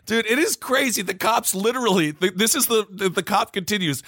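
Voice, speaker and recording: A man's voice: very high voice, fairly quick, few pauses, breathy edge, no echo, studio quality. A man co-hosting a podcast, reading news quotes aloud and mocking them in casual comedic chat. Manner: animated, reads news quotes then mocks them. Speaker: podcast co-host.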